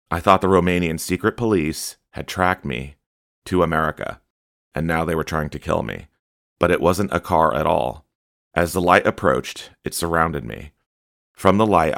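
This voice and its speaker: A man's voice: extremely low pitch, creaky, a bit bright, no room sound, studio quality. A man reading a prophecy aloud and commenting on it in an earnest, exhorting way.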